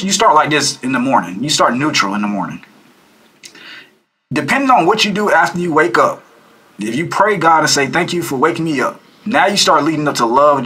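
A man running a reaction video talks to his viewers casually yet preachily, lively and full of repeated lines and rhetorical questions. His voice is a little high with a breathy edge.

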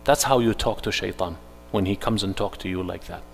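A man giving a live workshop sermon, swinging from hushed to loud and urgent, mixing in Arabic phrases. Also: sits low, brisk, vocal fry, soft background music. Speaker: Islamic speaker. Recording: echoey hall.

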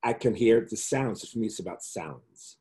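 A flamboyant middle-aged man chats as a guest over a video call, his voice sitting fairly low. He tells his stories with animation and slips into the voices and accents of whoever he is quoting. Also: animated, moderate pace, warm tone. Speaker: interview guest. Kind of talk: casual interview chat.

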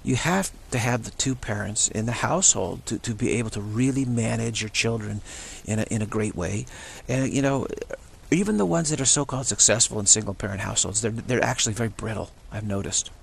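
Man, low-pitched, gravelly, rambling monologue, repeats words. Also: brisk, slight background noise. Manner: acts out short quoted voices of others. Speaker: spiritual channel host. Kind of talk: unscripted monologue.

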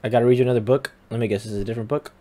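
A man's voice: medium pitch, fairly even intonation, rapid-fire, mellow. A young man giving casual game commentary, teasing and talking back to the characters on screen. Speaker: gamer.

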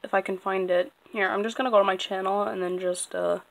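A young woman chatting casually in a fan vlog, rambling and excitable with lots of fillers. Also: mid-range voice, fast talker, creaky. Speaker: channel creator.

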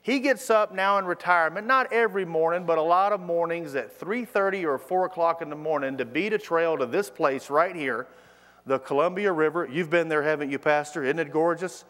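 Middle-aged pastor, higher-pitched man, animated storyteller, church reverb. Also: a little fast. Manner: animated storytelling, acting out the quoted voices. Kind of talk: sermon. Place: church sanctuary. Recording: long hall reverb.

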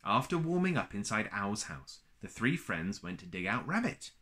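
Low-voiced guy reading a kids story, gentle, lots of sing-song. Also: very animated, normal speed.

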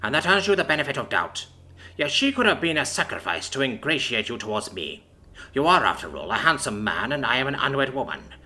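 A man's voice: mid-range voice, big pitch swings, pushed and bright. A man voicing a cool, menacing dragon queen. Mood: cool menace. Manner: measured, silky and threatening. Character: imperious female dragon ruler, cool and menacing. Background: faint background music.

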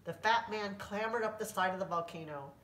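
A woman's voice: medium pitch, fairly quick, fairly bright tone. Woman reading a storybook, echoey room. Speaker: volunteer reader. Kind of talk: storybook read-aloud. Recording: echoey room, reader far from mic.

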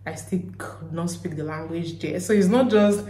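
Chatty Nigerian woman, low voice, roomy echo. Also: moderate pace, warm tone. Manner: chatty, acts out dialogue, rambling self-corrections. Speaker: vlogger. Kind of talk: casual vlog chat.

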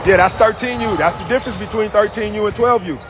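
A man coaching a youth basketball team from the sideline, calling out loud encouragement and repeating himself. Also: sits high, fast, noisy background. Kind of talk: courtside coaching shouts.

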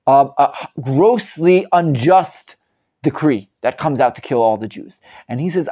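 Emphatic rabbi teaching, lo-fi. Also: male voice, medium pitch. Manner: animated, emphatic, many restarts and repeated words. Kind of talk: live Torah class with student questions.

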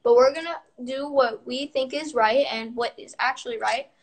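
A middle-aged woman with a high voice talks to her supporters over a livestream. Her statements are firm and upbeat, and she keeps them steady and rallying. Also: normal speed. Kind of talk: livestream address to followers.

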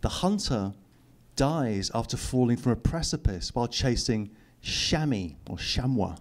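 A man's voice: mid-range voice, expressive, unhurried. A middle-aged man, reading his own book aloud to an audience and adding dry, teasing asides. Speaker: author giving a public reading. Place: lecture hall.

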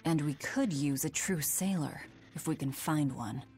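An actress playing a guarded young woman warrior in a game, speaking in a slow, dry, detached way. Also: deep voice, a little mellow, soft background music.

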